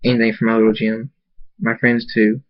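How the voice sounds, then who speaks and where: A man's voice: fairly low pitch, completely flat delivery, brisk, highs cut off, natural voice. A man voicing a weary but kind father stallion with a plain, reluctant way of talking. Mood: wry.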